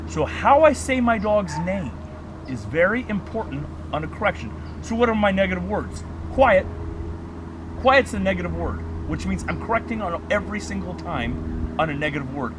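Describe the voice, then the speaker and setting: A man teaches a dog training workshop outdoors, his fairly high voice swinging up and down as he explains. He snaps out commands sharply between explanations. Steady traffic and outdoor noise run under the recording. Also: normal speed. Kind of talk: workshop lecture.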